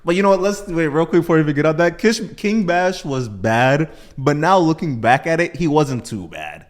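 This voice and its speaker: A man's voice: fairly high pitch, expressive, normal speed. A man hosting a podcast in casual chat, laid-back and teasing, laughing often. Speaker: podcast host.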